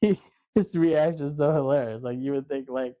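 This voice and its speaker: A man's voice: on the high side, moderate pace, dark tone, no echo. A man hosting a casual movie podcast, retelling scenes loosely and laughing as he acts out the characters' lines. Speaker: podcast host.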